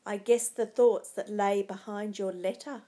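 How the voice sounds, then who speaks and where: A woman's voice: mid-range voice, steady tone, unhurried, mellow, lightly acted. A woman voicing a scheming, ruthless noblewoman who coaxes, commands and scorns, read aloud from a storybook.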